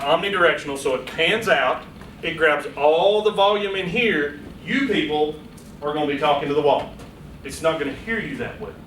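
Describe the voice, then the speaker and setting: A man giving a lively, playful public speaking workshop to a small audience in a meeting room, speaking straight to them. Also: fairly high pitch, a little hiss or hum. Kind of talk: live workshop lecture. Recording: echoey room, voice from a distance.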